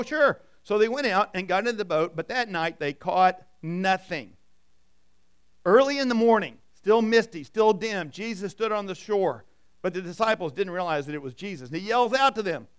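A pastor preaching a sermon, animated and conversational, acting out Bible characters in casual voices. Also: male voice, high voice, clean tone.

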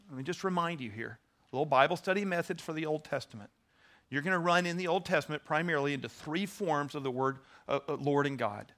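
A male pastor delivering a sermon in a high, bright voice. He talks in an earnest, teaching way, stumbling over restarts and repeated words as he explains.

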